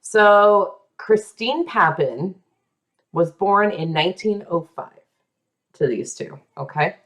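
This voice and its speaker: A woman hosting a podcast, telling a true story in a casual, dramatic way, with asides and quick voices for the people in it. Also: mid-range voice, expressive, a bit bright.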